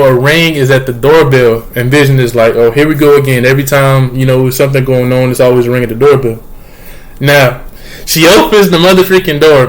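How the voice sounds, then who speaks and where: A young man talks through a show recap in a loose, rambling way, full of slang and hype. His voice sits at an ordinary middle pitch for a man, and his delivery is casual. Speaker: vlogger.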